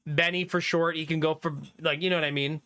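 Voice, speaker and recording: A man's voice: on the high side, little pitch movement, fairly quick, sharp tone, smooth. A man in his thirties, a livestreamer chatting casually with viewers, reading chat aloud and laughing often.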